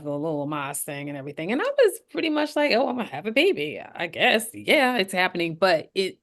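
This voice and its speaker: A middle-aged woman co-hosting a podcast, telling a personal story in casual chat and acting out the voices she quotes. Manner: animated, acts out quoted voices with big pitch jumps. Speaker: podcast co-host.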